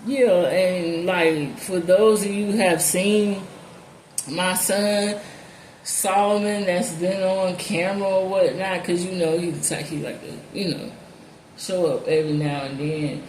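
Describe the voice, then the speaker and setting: A woman's voice: fairly low pitch, steady tone, slow pace, a little mellow. A woman hosting her channel, telling a story casually, bluntly and with profanity, leaning on "like" a lot. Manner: heavy use of "like", blunt and profane. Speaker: channel host. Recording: echoey room, faint background noise.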